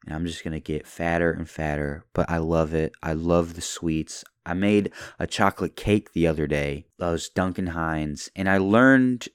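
A man's voice: deep voice, normal speed, hardly any pauses, smooth, no echo, clean studio sound. A young man from Kentucky hosting a solo podcast, chatting casually and wandering from one tangent to the next with plenty of "like"s. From Kentucky, USA. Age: young adult. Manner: rambling, tangent-hopping, lots of "like". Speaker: podcast host.

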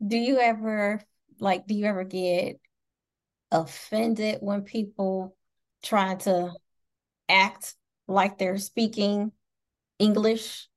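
A woman's voice: mid-range voice, steady tone, slow pace, long pauses. A woman talk show host, enthusiastic and laughing often, asking questions in a casual interview with many restarts.

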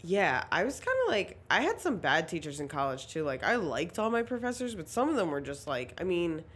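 A young woman with a fairly low-pitched voice hosts a casual podcast conversation. She talks in a laid-back, rambling way, full of "like" fillers and casual swearing. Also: very animated, brisk, a bit bright, husky. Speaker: podcast host. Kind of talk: casual chat.

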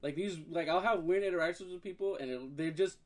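A young man telling a story in casual chat, animated and acting out the other people's voices. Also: high voice, fast.

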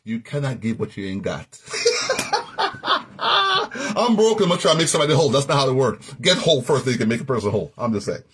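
Husky, animated male preacher. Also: mid-range voice, fast. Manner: folksy, animated, laughs and sings out phrases. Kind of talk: sermon teaching.

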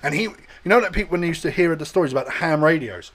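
A man's voice: on the high side, lively intonation, very fast, fairly bright tone. A young man telling crude, rambling stories in casual banter among friends, often slipping into silly voices. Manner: rambling storyteller, swears a lot, does silly voices.

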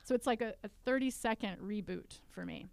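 A woman's voice: medium pitch, brisk, vocal fry, darkish tone, no room sound. A woman, an author, talking through her coping steps in a casual podcast conversation, earnest and self-deprecating. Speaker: author and guest.

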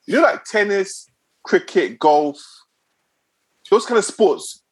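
A man's voice: high-pitched, lively intonation, takes it slowly, slightly rough, no room sound. A man in a casual chat, insistent and repeating his points.

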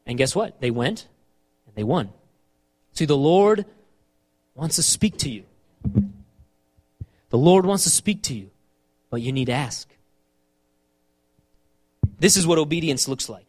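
Pastor, male, high lively voice, emphatic sermon delivery with repeated phrases. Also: a little slow, pauses often.

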